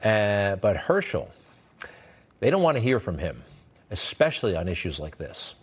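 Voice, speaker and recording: A man's voice: lowish voice, sing-song, moderate pace, husky. A man hosting a political commentary show, talking in a sarcastic, emphatic monologue full of rhetorical questions. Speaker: commentary host.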